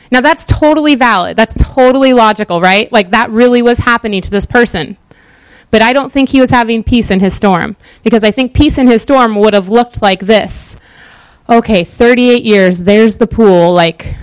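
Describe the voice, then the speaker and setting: A woman giving a casual, sermon-style Bible teaching in a chatty, animated way with many fillers. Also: on the high side, moderate pace, no room sound.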